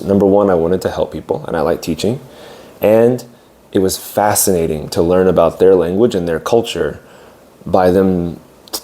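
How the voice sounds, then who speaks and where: A young adult man, an English teacher, telling his own story in a casual, reflective way, often pausing with fillers and restarting sentences. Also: low voice, warm tone. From United States.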